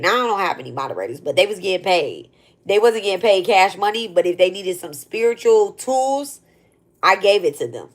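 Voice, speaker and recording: Woman ranting to her viewers, kinda low voice, blunt and cussing, rambly. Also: animated, moderate pace. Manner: blunt, profane, digressive. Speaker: spiritual content creator. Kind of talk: casual storytelling rant.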